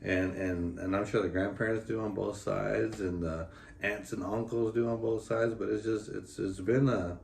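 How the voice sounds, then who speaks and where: A man's voice: on the low side, steady tone, normal speed, vocal fry, darkish tone, recorded from a distance. A man vlogging with his partner about their pregnancy, talking in a heartfelt, rambling way with lots of fillers. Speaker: vlogger, expecting father. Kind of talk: casual couple vlog talk. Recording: echoey room, voice from off the mic, faint room noise.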